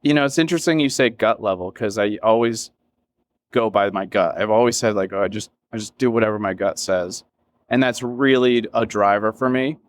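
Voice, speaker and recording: A man's voice: lowish voice, fairly quick. A man, a business founder interviewed as a guest, talking candidly and emotionally with many fillers and some swearing. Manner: rambling, many fillers and self-quotes. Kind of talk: candid reflective interview talk.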